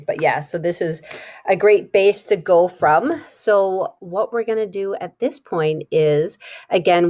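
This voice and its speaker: A middle-aged woman hosting a relaxed live interview, chatting and laughing often. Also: lowish voice. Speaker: host. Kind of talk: casual live interview chat.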